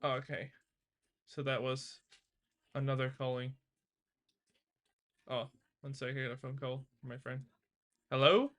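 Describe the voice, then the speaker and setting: Man, casual live streamer, bright and chatty, reacts to his chat. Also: medium pitch, steady tone, measured pace, long pauses. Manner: chatty, laughing, talks to viewers and reads their chat aloud. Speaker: live streamer learning to code.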